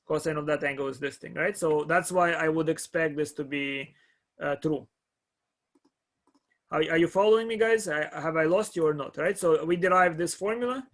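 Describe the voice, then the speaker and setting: A man giving a live calculus lecture to a class, pausing often, repeating words and checking that students follow. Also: on the high side, fairly bright tone. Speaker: math lecturer.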